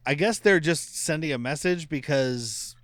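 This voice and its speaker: A man's voice: fairly high pitch, animated, moderate pace, a bit bright, no room sound. A man co-hosting a casual podcast, recapping scenes loosely and laughing often. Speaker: podcast co-host.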